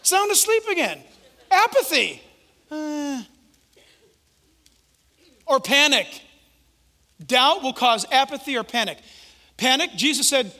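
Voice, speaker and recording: A male preacher giving an animated, conversational sermon and acting out the quotes he tells. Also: very high-pitched, slow, pauses often. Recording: echoey hall reverb.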